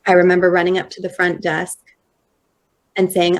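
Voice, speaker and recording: Low, flat-voiced woman telling her story. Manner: slow, measured retelling with quoted dialogue. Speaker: conference speaker. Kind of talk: personal storytelling talk. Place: conference hall.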